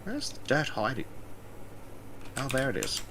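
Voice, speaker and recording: A man's voice: medium pitch, wildly swooping pitch, unhurried, a bit bright, slight background noise. Wry Australian man with a British tinge. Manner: dry, chuckling, wry. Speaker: guest. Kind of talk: casual gaming chat.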